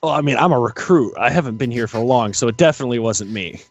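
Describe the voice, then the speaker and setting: Man, tabletop player, mid pitch, dry close sound, playful and eager. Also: fast talker, dry recording. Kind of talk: casual tabletop role-play.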